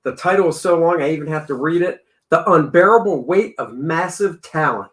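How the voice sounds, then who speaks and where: A man's voice: fairly high pitch, brisk, a bit bright. A man co-hosting a casual movie review chat, chatty and joking.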